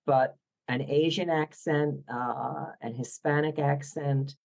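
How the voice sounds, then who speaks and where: A woman's voice: low voice, fairly even intonation, slow, vocal fry, a little mellow, rough recording. A woman with a Philadelphia accent, a guest author talking in an interview, opinionated and wry. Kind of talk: podcast interview.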